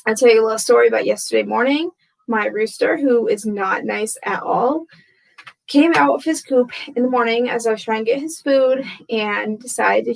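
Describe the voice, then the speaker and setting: A woman's voice: a little high, creaky, poor audio. A woman in her thirties chatting casually to camera from home, rambling and self-deprecating, tired and frazzled, laughing often. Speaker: vlogger. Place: home room with torn wallpaper.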